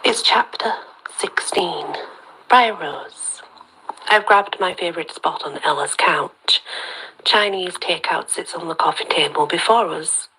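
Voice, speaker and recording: A woman reading a story aloud as host of her own channel, steady and even, with soft half-whispered dips. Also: on the low side, unhurried, breathy edge, rough recording.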